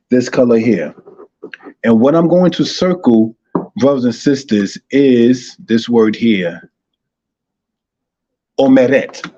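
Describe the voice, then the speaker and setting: Male Hebrew teacher, husky and mellow, repetitive live-stream delivery, muffled lo-fi audio. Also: medium pitch. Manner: repetitive, addresses listeners as brothers and sisters. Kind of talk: online Hebrew lesson.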